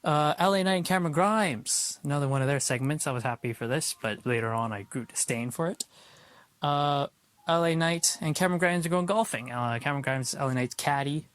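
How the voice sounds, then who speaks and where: A man's voice: a little high, brisk, a bit bright, clear, resonant tone, dry recording. Blunt, swearing male wrestling reviewer. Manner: blunt, profane, opinionated. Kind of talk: casual recap vlog.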